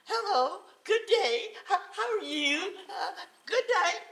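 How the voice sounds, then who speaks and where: A woman's voice: on the high side, moderate pace, breathy edge. A woman voicing a simple-minded young man who stammers and hesitates as he speaks. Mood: whiny stammering.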